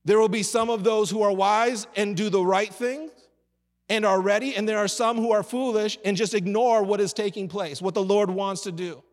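A man's voice: high voice, steady tone, normal speed, in a large hall. A man preaching a sermon as a pastor, calling on the congregation to answer back. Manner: call-and-response preaching to a congregation. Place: church.

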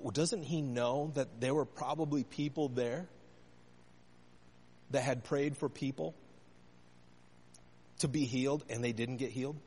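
A man's voice: medium pitch, darkish tone, husky, in a large hall. A male pastor preaching a sermon with earnest conviction, asking the congregation questions.

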